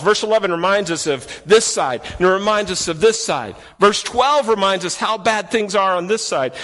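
A man's voice: fairly high pitch, fairly bright tone. A man preaching a sermon as pastor, earnest and direct with the congregation, often repeating his phrases. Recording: long reverb of a church hall.

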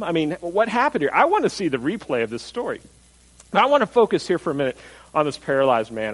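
A pastor with a slightly high voice preaches a sermon, retelling a scripture story conversationally. He asks his listeners questions and animatedly acts out what the crowd says. The audio quality is poor.

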